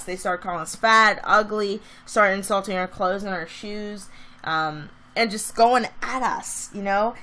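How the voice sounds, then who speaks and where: A woman's voice: mid-range voice, a bit bright. A woman vlogger telling a story in a casual, chatty way that turns into a heated rant.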